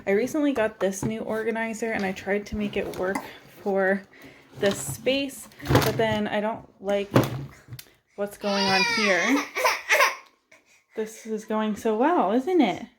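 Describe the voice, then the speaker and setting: A woman's voice: medium pitch, a little slow, heavy background noise. Chatty woman beauty vlogger. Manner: chatty, self-deprecating, laughs often. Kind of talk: casual chat.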